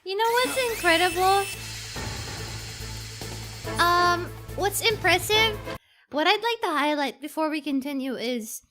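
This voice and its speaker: Brief: high bright female streamer, animated and rambling, faint game music under. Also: unhurried, pauses often. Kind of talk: excited gaming stream commentary.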